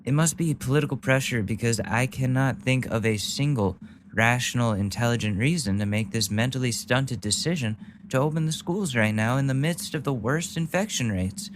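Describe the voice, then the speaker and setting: A man's voice: medium pitch, moderate pace, slight background noise. A man hosting a news podcast, ranting angrily and bluntly with lots of swearing. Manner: angry, profane, blunt. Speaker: podcast host. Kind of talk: angry political rant.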